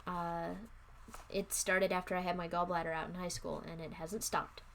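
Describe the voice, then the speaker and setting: Woman reading a kids horror book on stream, lots of vocal fry, chatty asides. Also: lowish voice, flat delivery, moderate pace, a bit bright, a little hiss or hum. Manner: casual asides, plain narration with slips and restarts. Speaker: livestream book reader.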